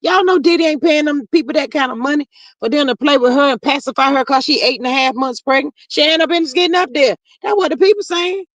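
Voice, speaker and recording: A woman hosting a livestream in casual chat, reading comments aloud in a chatty, drawling way that swings high and low. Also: fast, no room sound.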